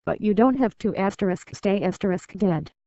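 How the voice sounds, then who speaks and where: A woman voicing a calm, enigmatic female android who speaks in a measured way. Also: mid-range voice, no room sound, close to an everyday voice. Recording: dull dry recording.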